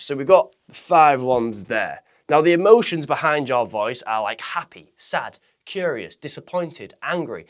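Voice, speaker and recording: Speaking straight to the camera, a man energetically teaches public speaking, deliberately swinging his pitch, volume and pace to demonstrate each point.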